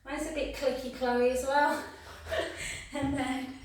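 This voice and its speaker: A woman's voice: sits high, fairly even intonation, slow, a little hiss or hum. A middle-aged English woman leading a workout class, chatting and gossiping between counting reps and giving cues. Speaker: fitness instructor. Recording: echoey room, voice from a distance.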